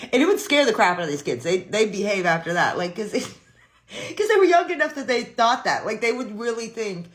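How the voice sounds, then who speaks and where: A woman's voice: medium pitch, sing-song, a little fast. A woman in her thirties casually telling a funny family story to the camera, often breaking into laughter.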